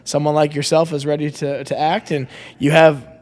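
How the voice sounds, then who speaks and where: A man hosting a podcast, telling anecdotes in an easygoing, animated way and thanking his guest. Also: on the high side, normal speed. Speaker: podcast host. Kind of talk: casual interview.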